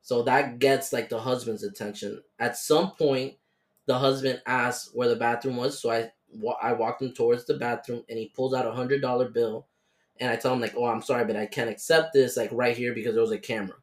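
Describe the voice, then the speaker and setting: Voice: mid-range voice, little pitch movement, brisk. A podcast host in loose, casual chat, reading out stories that listeners sent in and saying "like" a lot. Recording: roomy echo.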